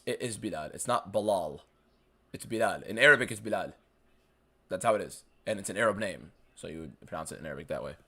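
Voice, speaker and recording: An American man hosts a fight watchalong stream, answering viewer questions bluntly and casually with a fair amount of swearing. His mid-range voice sounds pushed and bright.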